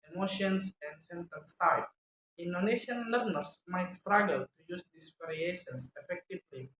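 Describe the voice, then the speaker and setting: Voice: mid-range voice, a little hiss or hum. Student reading a phonetics talk, echoey room. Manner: reads from notes, stopping to sound out example words. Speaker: student presenter. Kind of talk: read-aloud academic presentation.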